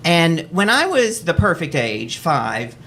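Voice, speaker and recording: A man from Texas hosting a live storytelling show in a cabaret, telling a personal story in a wry, animated way and often laughing as he goes. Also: a little high, slow pace, very noisy. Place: cabaret stage before an audience.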